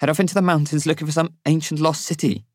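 A man's voice: fairly high pitch, level tone, fast talker, no room sound, clean studio sound, voice pushed up, natural voice. Man voicing an earnest young woman. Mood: insistent. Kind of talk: audiobook character voice.

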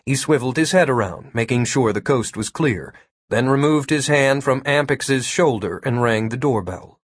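Husky male narrator, lively pitch, wry storytelling delivery, dry read. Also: normal speed, no echo. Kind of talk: scripted audiobook narration.

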